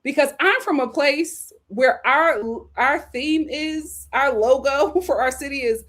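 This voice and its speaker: A woman from Philadelphia hosting a live stream, reading chat comments aloud and reacting in an animated, heated way, often breaking into laughter. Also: high-pitched, takes it slowly.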